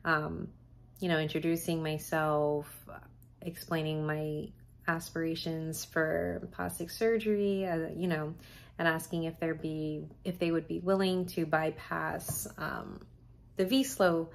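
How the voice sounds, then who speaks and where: A woman's voice: low voice, level tone, measured pace, gravelly. A woman in her twenties, a medical student, chatting candidly to the camera at home at the end of a long day, tired and full of fillers. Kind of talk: casual vlog chat.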